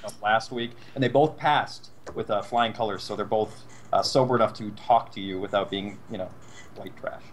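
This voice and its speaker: A man's voice: fairly low pitch, moderate pace, slight background noise. A man co-hosting a podcast in casual chat, teasing his guests and moderating with jokes. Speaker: podcast co-host.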